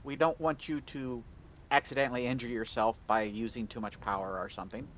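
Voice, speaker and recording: A man's voice: medium pitch, steady tone, a little fast, a bit bright, muffled recording, slight background noise. A man playing in a tabletop game, chatting casually and describing his character's actions. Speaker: player.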